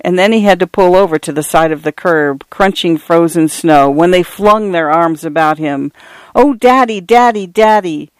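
A man narrating a literary short story in a measured reading voice. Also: on the high side, clear, resonant tone, no echo. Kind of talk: audiobook narration.

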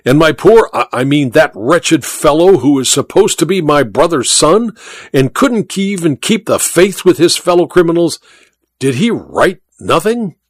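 A man's voice: fairly high pitch, animated, unhurried, no echo, pitched above the performer's own voice. A sardonic, imperious old duke, as a man reads him aloud, lifting his voice above the narration and swinging it widely as he commands. The delivery is haughty and theatrical, recorded close and dry. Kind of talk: audiobook reading.

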